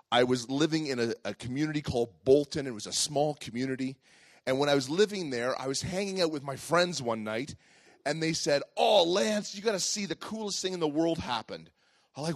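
Lively storytelling pastor, a man. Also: fairly high pitch, dry recording, clean studio sound. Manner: lively, acts out voices in his story, then turns quiet and earnest. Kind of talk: family sermon with personal storytelling.

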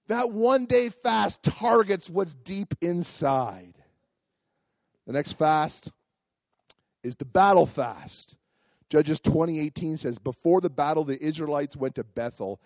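Guy preaching, telling a story all animated, high voice, dry sound. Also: a little slow, no room sound. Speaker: pastor. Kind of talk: sermon with personal story.

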